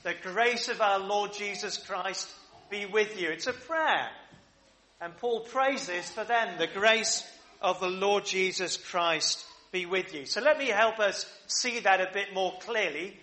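A man's voice: high voice, a little slow, pushed and bright. A man preaching a sermon at a church service, leading the congregation in prayer and call-and-response questions. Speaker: pastor.

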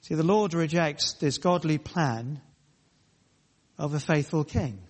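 Emphatic preacher in a reverberant hall. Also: male voice, fairly high pitch. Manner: emphatic, repetitive, pausing phrases. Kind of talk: sermon.

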